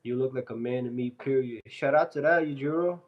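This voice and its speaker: A fitness streamer on a casual live stream reads out viewer comments and answers them loosely and playfully into his phone. His voice is medium-pitched and fairly quick, and the sound is lo-fi.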